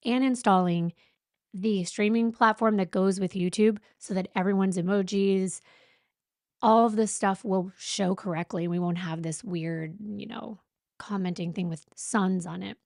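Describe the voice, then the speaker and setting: A woman's voice: medium pitch, fairly even intonation, unhurried, creaky, darkish tone, no room sound, clean studio sound. A young woman hosting a true crime livestream in a casual, jittery and anxious way, sighing and breathless. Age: young adult. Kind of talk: nervous casual livestream chat. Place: home streaming setup with a fan running.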